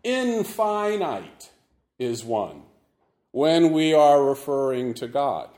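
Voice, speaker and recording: A man preaching a Sunday sermon as the church's pastor, measured and deliberate with touches of dry humor. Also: medium pitch, warm tone, roomy sound.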